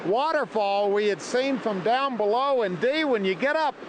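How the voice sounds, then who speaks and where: High-voiced, excitable male show host. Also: moderate pace, a little hiss or hum, poor audio. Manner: enthusiastic, exclaiming. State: out of breath. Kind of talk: on-location interviewing while hiking. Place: outdoors on a high mountain trail.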